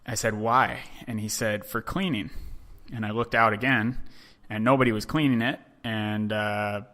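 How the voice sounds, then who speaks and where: Bright-toned man telling a casual story. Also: fairly low pitch, moderate pace. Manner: relaxed, chatty, frequent "um" and "you know". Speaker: podcast host.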